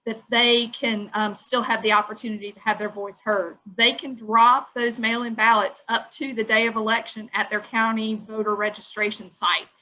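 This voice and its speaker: A woman's voice: on the high side, steady tone, moderate pace, hardly any pauses, bright, forceful tone, rough recording. A woman on a webinar earnestly explaining her view at length. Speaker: webinar participant. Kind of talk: giving an opinion in a video call.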